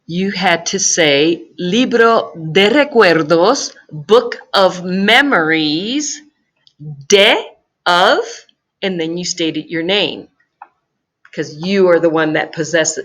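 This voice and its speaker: Slow, low-voiced woman teaching grammar. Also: expressive, a bit bright. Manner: slow, patient explaining with careful repetition. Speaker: Spanish teacher. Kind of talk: recorded grammar lesson.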